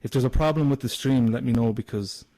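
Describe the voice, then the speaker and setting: A man's voice: mid-range voice, fast talker, warm tone. A man with an Irish accent hosting a casual internet radio show, giggly and swearing freely. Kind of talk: casual chat.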